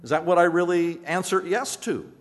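Man preaching in a reverberant church. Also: high voice. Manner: conversational preaching with repeated restarts and emphatic pauses. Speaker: pastor. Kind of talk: sermon. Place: church sanctuary.

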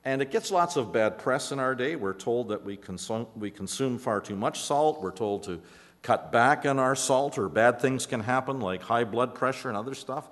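A male pastor preaching a sermon to his congregation in a conversational way, often restarting words and pausing for emphasis. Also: medium pitch, fairly bright tone, in a large hall. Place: church sanctuary.

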